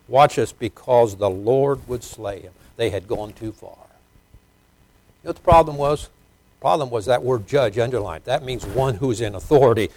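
A middle-aged man preaching a sermon as pastor, swinging between loud emphasis and quiet asides. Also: mid-range voice, expressive, unhurried, dry recording.

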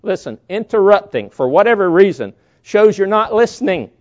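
A man's voice: high voice, sing-song, moderate pace, darkish tone. A man preaching a sermon in a folksy, storytelling way. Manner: folksy storytelling, acts out quoted voices. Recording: dull lo-fi recording.

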